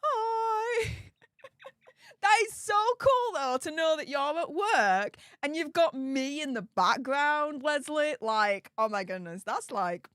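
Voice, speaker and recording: Lively woman live-streaming. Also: sits high, slow, dry recording, clean studio sound. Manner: animated and chatty, laughs often, repeats herself. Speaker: livestream host. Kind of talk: casual live-stream chat, reading viewer comments.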